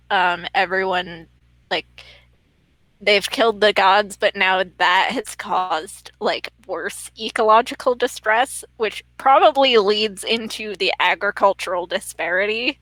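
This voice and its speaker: Bright-voiced woman in a dry close sound. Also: medium pitch, measured pace, no echo, poor audio. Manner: rambling, says "like" often. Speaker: tabletop game player. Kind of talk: casual game-night chat.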